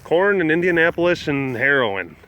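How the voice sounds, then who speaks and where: A young man from southwest Wisconsin hosting a casual livestream outdoors at an animal compound, joking and reading viewer comments with loud hype and low mumbles. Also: sing-song, moderate pace, a little hiss or hum. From southwest Wisconsin, USA. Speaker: livestream host at a big cat facility.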